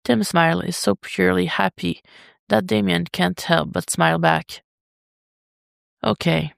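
Woman reading a story, super gravelly voice, slow, dry close sound. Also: on the low side, dry recording. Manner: steady, unhurried reading. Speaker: podfic reader. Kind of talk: slow fiction narration.

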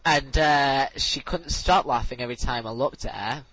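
A man's voice: mid-range voice, normal speed, a bit bright. A teenage boy, chatting casually as co-host, giggly and prone to mimicking teachers, a bit wheezy from laughing. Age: teens. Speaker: podcast co-host. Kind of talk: casual chat. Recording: dull lo-fi home recording.

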